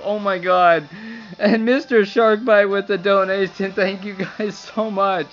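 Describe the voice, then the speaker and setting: Young male livestreamer, overjoyed and crying, high bright voice; lo-fi stream sound. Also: normal speed. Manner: overjoyed, laughing and tearful, breathless thanks. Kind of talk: excited livestream commentary. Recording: dull lo-fi stream audio with faint music.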